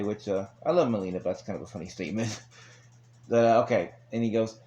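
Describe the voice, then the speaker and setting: A man's voice: fairly low pitch, quick pace, warm tone, muffled recording, a little hiss or hum. A man recapping an old wrestling episode in a rambling, casual way with chuckling asides. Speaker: wrestling show reviewer.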